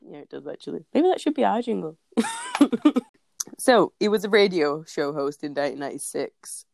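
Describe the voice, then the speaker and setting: Giggly low-voiced woman. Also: sing-song, normal speed, creaky, a little mellow, a little hiss or hum. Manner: giggly, laughs often between lines. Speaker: podcast co-host. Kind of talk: casual chat.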